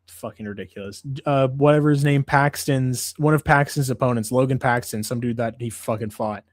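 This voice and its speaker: A man's voice: mid-range voice, fairly quick, no room sound, studio quality. A man hosting a casual MMA livestream, ranting in a profane, exasperated way. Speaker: MMA show host.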